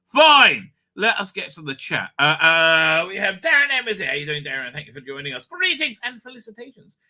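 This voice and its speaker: Bright, high-voiced rambling male streamer. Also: animated, quick pace. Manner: rambling and profane, stammering fillers. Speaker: live stream host. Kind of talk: casual live stream chat.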